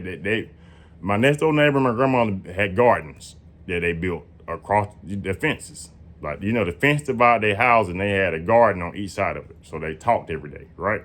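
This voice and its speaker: A man in his late twenties tells a story in a loose, slangy way, swearing freely. His pitch swings widely, and he jumps up high whenever he quotes his own surprised lines. The delivery feels like unscripted casual talk. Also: a bit bright.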